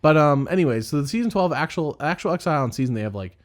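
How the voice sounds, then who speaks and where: Guy cohosting a podcast, super animated voice, rambles and laughs a lot, does little voices for quotes. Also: a little high, very fast. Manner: rambling, laughs often, mimics people in quotes. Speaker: podcast co-host. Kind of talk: casual chat.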